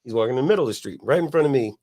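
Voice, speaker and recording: A middle-aged man, hosting a podcast and telling a long, profane story in a relaxed way, laughing as he goes. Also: mid-range voice, racing. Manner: laid-back, profane, laughs at his own story. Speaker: podcast host. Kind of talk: casual storytelling.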